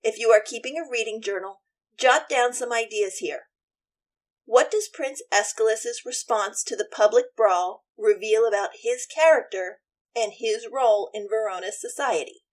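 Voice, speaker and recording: A woman's voice: a little high, moderate pace. A woman teacher and podcast host retelling a play in a chatty, opinionated way and voicing all the characters herself. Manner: chatty, opinionated, plays every part. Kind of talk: casual literature lesson retelling.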